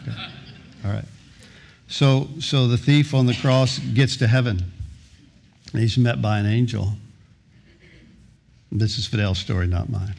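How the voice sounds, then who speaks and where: Middle-aged male pastor, gravelly mid-pitched voice, storytelling sermon delivery with frequent restarts. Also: measured pace, long pauses, darkish tone, a little hiss or hum. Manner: storytelling, acts out voices in anecdotes; repeats words when starting sentences.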